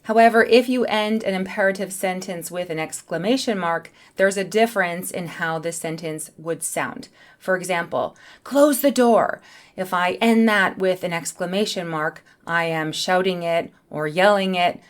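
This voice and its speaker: A woman teaching a beginner English lesson, speaking in a clear, careful way. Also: on the low side, normal speed.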